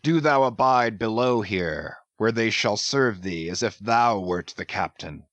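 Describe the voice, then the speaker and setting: A man's voice: fairly low pitch, animated, unhurried, fairly bright tone, dry recording, dull audio. A man playing a grim, obsessed sea captain. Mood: stern. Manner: solemn, stern, archaic speech. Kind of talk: dramatic audiobook reading.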